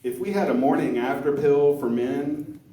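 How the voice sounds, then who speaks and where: A man doing a stand-up set who talks haltingly, loses his place and chuckles at his own jokes. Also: on the high side, mellow. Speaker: stand-up comedian. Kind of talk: stand-up set at open mic. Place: comedy club room. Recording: roomy club sound from far off.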